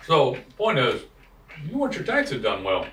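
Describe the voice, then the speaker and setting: A man's voice: medium pitch, wildly swooping pitch, unhurried, a bit bright, roomy sound, recorded from a distance. A man co-hosting a casual podcast chat, blunt and profane, rambling through stories about clients. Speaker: podcast co-host, digital marketing business owner.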